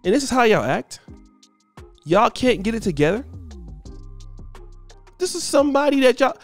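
A man with a high, animated voice gives casual commentary, emphatic and preachy, often repeating himself. Faint music plays behind him. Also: normal speed. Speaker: commentary host.

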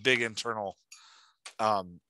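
A man's voice: on the low side, takes it slowly, sharp tone, clean tone. A man hosting a podcast and giving writing feedback in an enthusiastic, chatty way, with lots of "like". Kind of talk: casual chat.

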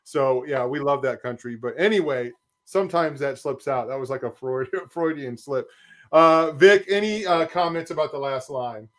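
Guy cohosting a podcast, rambly, lots of "you know", mid pitch. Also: normal speed, fairly bright tone. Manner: rambling, filler-heavy. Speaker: podcast co-host. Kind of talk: casual reaction discussion.

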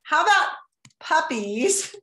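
A woman teacher running a playful class vote on a video call, animated, exclaiming and laughing often. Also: high-pitched, slow, roomy sound.

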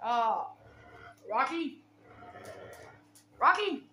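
High bright-voiced woman calling her dogs. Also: lively intonation, extremely slow, roomy sound, slight background noise. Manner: scolding and coaxing her dogs, calling out commands. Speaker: dog owner filming her pets. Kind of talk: casual home vlog narration. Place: home, near a kitchen.

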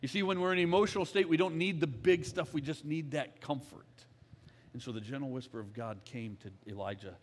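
A man's voice: a little high, fairly quick, slight background noise. A man, an executive pastor, preaching a conversational, candid sermon in church and often checking in with the crowd. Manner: conversational, candid, often asks "all right?".

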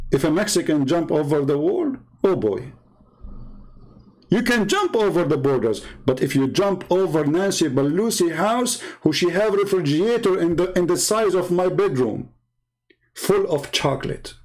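A man's voice: sits high, poor audio. A man hosting a live broadcast, ranting about politics in a blunt, mocking way with broken non-native grammar. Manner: mocking, blunt, name-calling. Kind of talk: political rant on a live stream.

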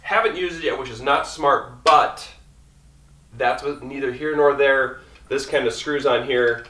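Man, casual gear walkthrough, quick rambling talk, mid pitch, roomy echo, set back from mic. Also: bright, forceful tone, distant mic. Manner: quick, rambling, talking fast on coffee. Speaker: outdoor vlogger.

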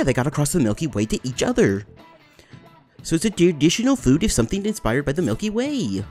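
A young man riffing casually over a video game, joking and swearing as he plays. He laughs a lot, and his voice sits at a middle pitch with faint music behind it. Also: darkish tone. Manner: joking and profane, laughs often. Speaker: let's play gamer. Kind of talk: casual gameplay commentary.

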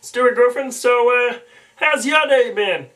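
A man's voice: very high voice, measured pace, sharp tone, pitched above the performer's own voice, heavily acted. A man voicing a mild-mannered male frog puppet, hesitant and filled with ums. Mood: goofy. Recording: distant home mic.

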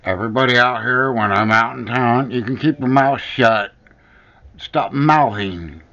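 A man's voice: mid-range voice, measured pace, sharp tone. A man delivering a heated, profane rant to the camera, hammering home repeated accusations. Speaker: vlogger. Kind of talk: angry personal rant to the camera. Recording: dull lo-fi recording.

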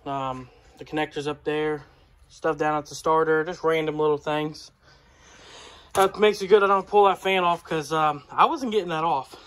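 A man's voice: fairly high pitch, steady tone, moderate pace, fairly bright tone. A man narrating casually while he works on a vehicle in his home garage, rambling with lots of fillers and sometimes out of breath. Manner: rambling, filler-heavy, talks while wrenching. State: out of breath at times. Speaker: garage vlogger. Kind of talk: casual work-along narration.

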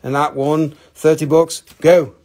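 Speaking at a measured pace, this male host has a somewhat high, darkish voice with a level tone. On his casual live stream selling rocks and minerals, he rambles, jokes around, and swears freely while presenting the stones.

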